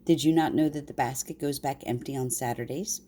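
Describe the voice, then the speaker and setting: A woman's voice: a bass voice, steady tone, fairly quick, mellow. An older woman voicing a fussy, huffy male town mouse in a bedtime story, with a prim and a little sniffy manner.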